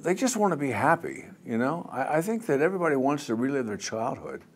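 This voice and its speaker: A man's voice: medium pitch, fast talker. Rambling older man in his seventies. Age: 70s. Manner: rambling, animated, mimics crowd chants. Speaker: singer being interviewed. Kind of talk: casual interview storytelling.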